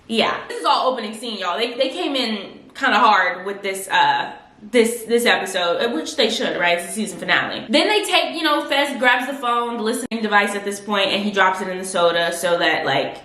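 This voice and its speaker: A woman's voice: mid-range voice, expressive, normal speed, sharp tone, reverberant. A woman vlogger recapping a TV episode in casual, slangy chat, acting out the characters' lines as she goes. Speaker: TV review vlogger.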